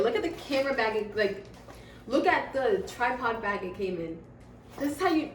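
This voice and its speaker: A woman's voice: on the high side, unhurried. A woman talking through an unboxing at home, gushing and laughing as she shows off new gear. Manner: excitable, gushing, lots of laughter. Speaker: vlogger. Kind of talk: unboxing vlog. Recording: echoey room from a distance with noise.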